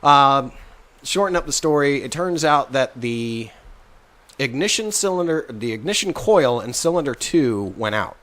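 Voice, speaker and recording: Animated man telling a story. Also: medium pitch, a little slow. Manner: animated storyteller, acts out voices in his anecdotes. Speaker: podcast guest. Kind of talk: casual chat.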